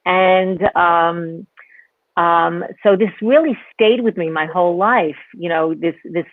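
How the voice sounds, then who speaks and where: A woman's voice: fairly low pitch, slow pace, no room sound. A woman comedian telling stories in a casual, rambling way over a video call. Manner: rambling, with restarts and reflective asides. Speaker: guest comedian. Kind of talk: casual storytelling chat. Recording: tinny phone-like line, dry.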